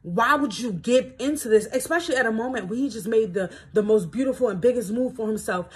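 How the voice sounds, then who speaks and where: Husky rambling woman from D.C. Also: a little high, fast. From Washington, D.C. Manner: loose and rambling, heavy fillers, reflective. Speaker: podcast host. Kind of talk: casual personal reflection, reading from a self-help book.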